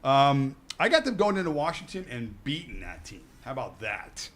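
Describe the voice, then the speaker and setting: Animated man making sports picks. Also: mid-range voice. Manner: lively, upbeat, quick-firing picks. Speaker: sports radio co-host. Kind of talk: casual sports betting chat.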